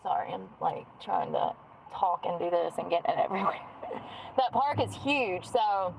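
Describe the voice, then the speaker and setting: A woman's voice: lowish voice, lively intonation, normal speed, creaky, a little hiss or hum, rough recording. Chatty woman vlogging while doing makeup. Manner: chatty, musing, drifts off mid-sentence. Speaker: streamer.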